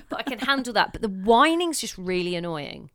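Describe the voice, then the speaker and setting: A woman's voice: a little high, sing-song, fairly quick, a bit bright, no room sound, studio quality. A woman in her thirties co-hosting a podcast, chatting candidly and expressively about parenting with wry humor. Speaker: podcast co-host. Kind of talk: casual chat.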